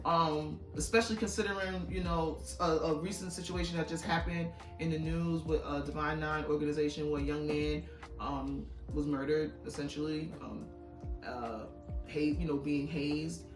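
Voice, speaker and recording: A woman's voice: low-pitched, fairly even intonation, moderate pace. Woman, casual vlog chat, chatty and profane, echoey room, distant mic, faint background music. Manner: chatty, swears casually, self-described yapper. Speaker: YouTuber reviewing her DVD haul.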